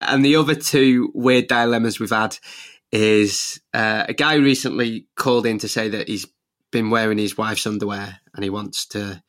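A man's voice: fairly low pitch, fairly even intonation, moderate pace, a bit bright. A young man chatting easily in an interview, laughing often as he talks about his podcast. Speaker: podcast host and radio presenter. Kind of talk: casual interview chat.

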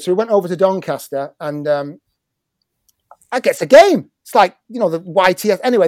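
A man's voice: high voice, a little mellow, dry recording, studio quality. A middle-aged English man telling a football story in casual chat, swearing often and stumbling over his words. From England. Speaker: guest, former footballer and musician.

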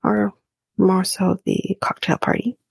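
Brief: woman, whispered reality TV recap, slow and gravelly, cursing casually, dry close sound. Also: medium pitch, flat delivery, no room sound. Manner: casual, profane, laughs while talking.

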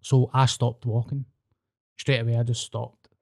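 Mellow-voiced Scottish man telling stories. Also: mid-range voice, level tone, a little slow, creaky. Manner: sweary, storytelling. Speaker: podcast host. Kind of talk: casual chat.

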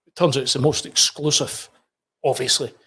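A middle-aged Scottish journalist telling a story as a podcast guest, chatty, with quick asides and restarts. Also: male voice, medium pitch, fairly even intonation, a bit bright, slightly rough. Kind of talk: anecdotal storytelling.

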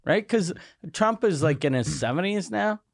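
A man's voice: sits high, expressive, normal speed, vocal fry, no echo, studio quality. A man from City, co-hosting a podcast in blunt, joking casual chat. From Quebec City. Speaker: podcast co-host and comedian.

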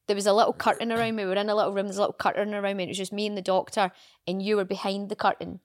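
A woman co-hosting a podcast in casual chat, candid and quick to laugh and swear. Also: mid-range voice, flat delivery. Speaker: podcast co-host.

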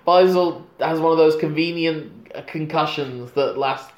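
A man's voice: on the high side, slow, roomy sound, muffled recording. Chatty man recapping a plot. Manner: narrates plot in long runs, dry asides. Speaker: podcast co-host recapping a film. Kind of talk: casual chat.

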